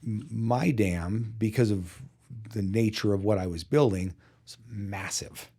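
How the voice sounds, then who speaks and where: A man with a low, mellow voice tells a long story in a podcast interview. He talks casually, full of "you know"s, and jumps into lively imitations of the people in the story. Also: unhurried, breathy edge. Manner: animated storyteller acting out dialogue with lots of fillers. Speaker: podcast guest, physical therapy company CEO.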